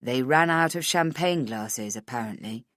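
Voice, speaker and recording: A woman voicing a relaxed, slightly smug nerdy man in an audiobook. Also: rumbling low, normal speed, no echo, studio quality, voice pushed down. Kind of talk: audiobook character voice.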